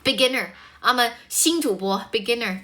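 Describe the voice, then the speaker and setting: A woman's voice: on the high side, moderate pace, fairly bright tone. A woman from China with a mostly American accent, a chatty English speaking teacher who greets viewers and laughs easily on a live stream.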